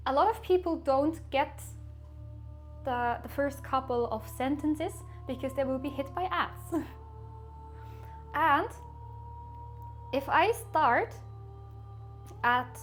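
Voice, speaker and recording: A woman's voice: sits high, slow pace, long pauses, soft background music. A woman from Switzerland, chatting casually and rambling to her live-stream viewers, often laughing at herself.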